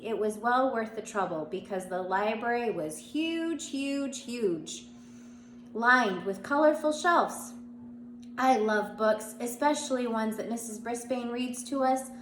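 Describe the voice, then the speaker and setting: The reader, a woman with a high-side voice, goes a little slowly through a children's chapter book, giving each character a voice and fixing small slips with restarts. She's somewhat congested from allergies and coughs occasionally; the recording has room echo and a faint hum.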